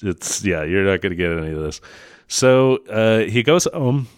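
A man with a low, smooth voice walks through a film's scenes in an easy, conversational way. He often laughs and acts out bits of dialogue as he goes. The sound is dry and close. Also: lively intonation, moderate pace, no room sound. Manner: laughs often, recounts scenes with quoted lines. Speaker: podcast co-host. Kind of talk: casual chat recapping a movie.

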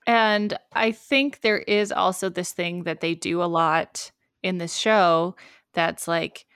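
A woman in her thirties with a low, gravelly voice talks casually as a podcast co-host. She tosses in wry, ironic asides and laughs often. The sound is dry and close. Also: fairly even intonation, slow, fairly bright tone, no room sound. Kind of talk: casual chat.

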